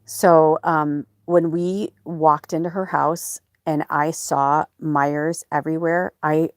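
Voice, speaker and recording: Low-voiced woman rambling through a personal podcast monologue. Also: fairly even intonation, slow pace, no room sound, studio quality. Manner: rambling, emotional, many fillers and restarts. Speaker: podcast host and medium. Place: off-grid home or van.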